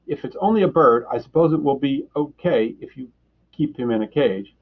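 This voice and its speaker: A puzzled, easygoing policeman, as a man reads him aloud, speaking up a little louder and higher than the storyteller's own voice. The voice is husky and the recording sounds dull and lo-fi. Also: moderate pace, close to an everyday voice.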